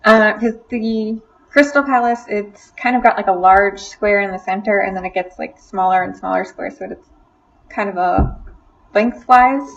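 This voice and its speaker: A woman narrating a tabletop game as dungeon master, often pausing with "um". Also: medium pitch, vocal fry, far from the mic. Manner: hesitant, many ums. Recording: dull lo-fi audio.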